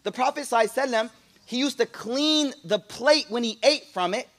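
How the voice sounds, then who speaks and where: Man, Islamic teacher, high voice, bright tone, casual slangy preaching, lots of restarts. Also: quick pace. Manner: animated, playful preaching. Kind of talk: lively religious talk to a congregation.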